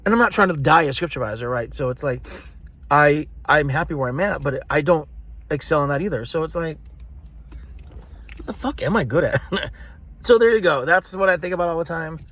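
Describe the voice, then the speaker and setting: A man's voice: on the high side, a little fast, a bit bright, no room sound. A man talking candidly in a personal vlog, sounding frustrated and blunt, with frequent swearing. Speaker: vlogger. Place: partly outdoors in summer heat.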